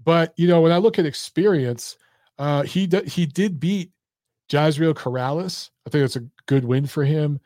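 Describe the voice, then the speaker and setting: A man's voice: on the high side, normal speed, darkish tone, no room sound, clean studio sound. A man hosting a boxing chat stream, talking bluntly and profanely straight to his viewers while losing his voice. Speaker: boxing show host. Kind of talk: casual live-stream chat.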